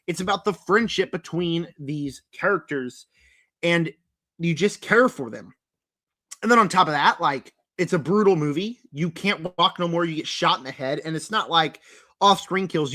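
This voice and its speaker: This young man's high-pitched, fairly bright voice carries a loose horror movie review vlog full of fillers and emphatic rambling. His voice cracks at times, and there is some throat-clearing.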